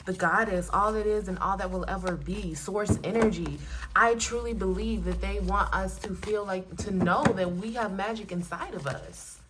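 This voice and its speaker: Woman, young adult, casual spiritual card reader, earnest and affirming, gets animated and emotional. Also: medium pitch, normal speed, heavy background noise.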